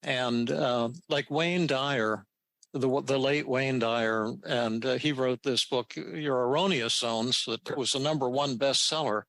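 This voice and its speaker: An older man hosting a podcast, telling a story casually and haltingly, with many restarts and repeated words. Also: medium pitch, a bit bright, no echo. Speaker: podcast host answering listener questions.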